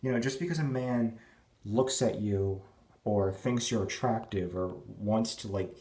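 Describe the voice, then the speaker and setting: Mumbling young man ranting, mellow low voice. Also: measured pace. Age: 20s. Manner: crude, rambling, full of fillers and restarts; keeps voice down early in the morning. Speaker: vlogger. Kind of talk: rambling rant to camera. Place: at home indoors.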